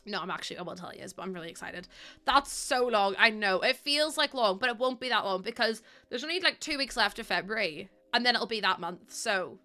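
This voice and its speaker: A woman streamer chatting casually with her live chat, excitable and talkative, laughing often. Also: medium pitch, a little fast.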